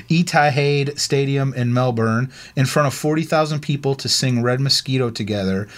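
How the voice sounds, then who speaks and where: A man's voice: mid-range voice, a little slow. A man co-hosting a casual podcast, laid-back and chatty, reading a listener's email aloud with asides and laughs. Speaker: podcast co-host.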